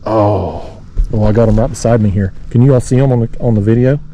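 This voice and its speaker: A fishing vlogger narrates casually from his kayak on a lake below a dam, rambling in a folksy way to his viewers. His voice is lowish, brisk, and warm, and the recording has a little hiss or hum.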